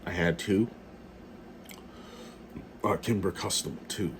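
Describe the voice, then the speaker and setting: A man's voice: deep voice, takes it slowly, slight background noise. A middle-aged man ranting casually in a video blog, blunt and profane, repeating himself as he talks. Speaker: gun vlogger.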